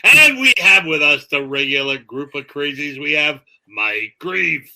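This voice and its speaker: A male podcast host with a very bright, ringing voice that swoops up and down as he jokes. He slips into laughter often while telling stories. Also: on the high side, expressive, a little slow, vocal fry. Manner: laughs often, jokey storytelling. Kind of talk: casual banter.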